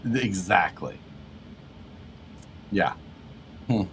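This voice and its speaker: A man co-hosting a casual livestream, relaxed, laughing often as he reads viewer comments aloud. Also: sits low, drawn-out words, slight background noise. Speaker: livestream co-host.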